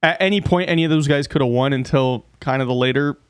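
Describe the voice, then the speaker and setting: A man co-hosting a casual fight recap podcast, chiming in with quick agreement and short takes. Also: medium pitch, clear, resonant tone, no echo, studio quality. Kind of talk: casual chat.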